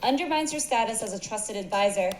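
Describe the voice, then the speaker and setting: A woman's voice: fairly high pitch, lively intonation, brisk, slight background noise. A woman giving polished, upbeat scripted narration for a corporate training video. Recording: echoey, with background music.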